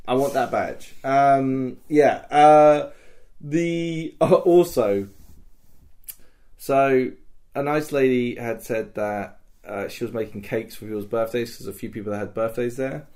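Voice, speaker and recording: A man's voice: medium pitch, measured pace, darkish tone. Man telling a story, swearing freely. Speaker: podcast co-host. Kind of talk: casual chat.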